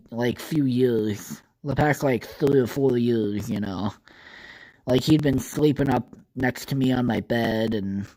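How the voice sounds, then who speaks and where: A man's voice: mid-range voice, darkish tone, low-quality recording. A young man hosting a solo podcast, rambling casually with constant swearing and filler words. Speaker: podcast host.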